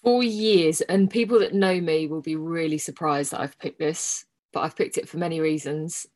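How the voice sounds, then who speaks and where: A woman co-hosting a casual podcast, telling stories with frank, animated energy. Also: low-pitched, moderate pace. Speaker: podcast co-host. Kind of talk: casual chat.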